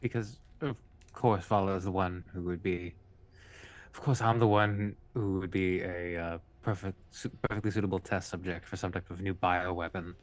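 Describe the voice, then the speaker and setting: Deep-voiced man, rambling and self-correcting. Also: steady tone, moderate pace. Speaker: tabletop game player. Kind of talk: casual game table talk.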